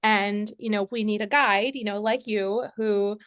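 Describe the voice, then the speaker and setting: A woman's voice: medium pitch, steady tone, measured pace, fairly bright tone, smooth, dry recording. A woman podcast host, a physician and coach, responds to her guest in an affirming, enthusiastic way. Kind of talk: conversational interview.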